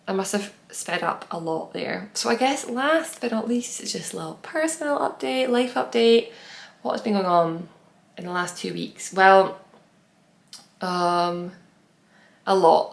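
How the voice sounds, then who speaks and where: Chatty woman with a gravelly low voice. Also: a bit bright, reverberant. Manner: chatty, rambling with many fillers. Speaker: podcast host. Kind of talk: casual chat.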